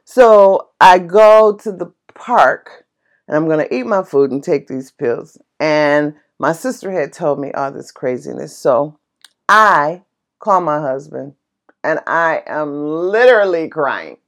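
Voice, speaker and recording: A woman casually telling a personal story in an excitable, passionate way, laughing as she talks. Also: deep voice, slow pace. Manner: animated, excitable, laughs while talking; passionate and chatty.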